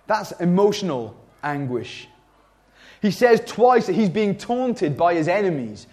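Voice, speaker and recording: A man's voice: high-pitched, big pitch swings, measured pace, a little mellow. A man preaching a sermon, reading a scripture passage and then explaining it in a conversational, emphatic way with frequent fillers and restarts.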